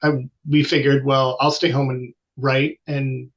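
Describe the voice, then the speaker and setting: A man's voice: medium pitch, level tone, a little slow. A children's author in casual conversation, a man with an easygoing, self-deprecating way of talking. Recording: dull lo-fi audio.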